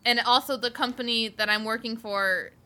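A woman's voice: a little high, fairly even intonation, normal speed, sharp tone. A young woman from Buffalo with a Western New York accent, co-hosting a podcast, blunt and sassy, swearing casually. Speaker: podcast co-host. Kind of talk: casual chat.

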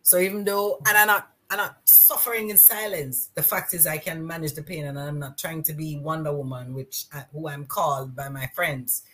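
A woman's voice: low voice, moderate pace, hardly any pauses. A middle-aged woman, telling stories as a podcast guest and acting out the dialogue. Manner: lively storyteller, acts out quoted dialogue. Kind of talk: casual interview chat.

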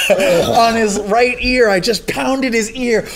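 A man hosting a casual chat, telling a story with animated energy and frequent laughter. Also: very high-pitched, slow pace, background noise. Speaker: podcast host.

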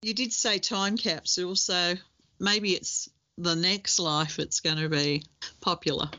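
A woman's voice: lowish voice, steady tone, unhurried, sharp tone. A woman co-hosting a podcast in casual chat, thoughtful and easy to laugh, with hesitant fillers. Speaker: podcast co-host. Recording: dull lo-fi sound.

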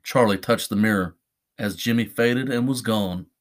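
A man, a podcast host, reading a horror short story aloud in a measured, deliberate way. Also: lowish voice.

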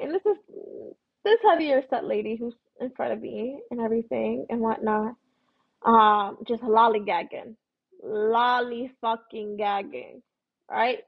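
Husky, gravelly New woman ranting. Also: on the high side, no echo. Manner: profane, blunt, storytelling rant. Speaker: podcast host. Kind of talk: casual ranting monologue. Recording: dull lo-fi recording.

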